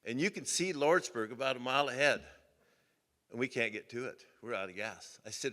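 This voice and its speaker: A man's voice: mid-range voice, fairly quick, a bit bright. An older man from Oregon giving a banquet speech, telling folksy, rambling anecdotes with many restarts. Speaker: hall of fame inductee giving a speech. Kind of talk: banquet acceptance speech, storytelling. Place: banquet hall. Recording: long hall reverb.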